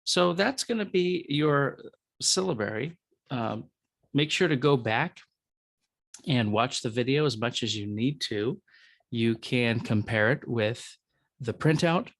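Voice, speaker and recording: Slow, dry-voiced man teaching. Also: mid-range voice, animated, creaky, dry recording. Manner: slow and deliberate, sounding out syllables one by one; explanatory, with fillers and asides to the student. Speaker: professor. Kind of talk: recorded lecture.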